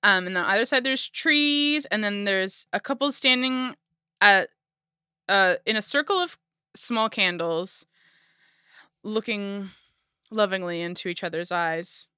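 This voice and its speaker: A woman's voice: medium pitch, pushed and bright, smooth, no echo, clean studio sound. A woman co-hosting a book podcast, joking playfully and guessing plots in casual chat. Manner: playful, jokey, quick asides. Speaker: podcast co-host.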